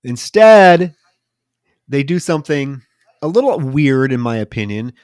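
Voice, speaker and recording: A man's voice: mid-range voice, unhurried, smooth, no echo, studio quality. A man co-hosting a film podcast, casually recapping the plot and acting out the characters' lines. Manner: animated retelling with loud shouted quotes of film lines. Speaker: podcast co-host. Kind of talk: casual film-review chat.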